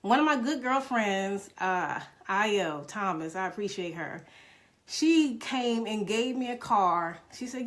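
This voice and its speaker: A woman's voice: mid-range voice, lively intonation, slow pace. A middle-aged woman in a casual live stream, telling viewers about her hard times, emotional and calling them "y'all". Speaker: direct-sales business mentor.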